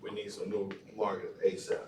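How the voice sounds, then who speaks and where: A man's voice: lowish voice, little pitch movement, moderate pace, a little mellow, slight background noise. A man teaching a classroom language lesson, repeating words and often checking in with "all right?". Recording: echoey room, far from mic.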